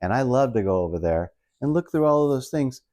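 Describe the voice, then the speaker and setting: A man's voice: medium pitch, expressive, fairly quick, warm tone. A middle-aged man doing casual stand-up storytelling, rambling and self-mocking as he retells everyday married life. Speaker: stand-up comedian.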